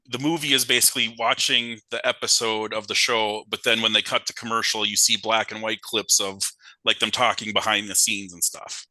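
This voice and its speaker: Brief: young male podcast co-host, very bright and forward tone, dry close mic, lively movie recap. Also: on the low side, dry recording, low-quality recording. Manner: animated retelling with acted-out quotes and laughs. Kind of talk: casual horror movie chat.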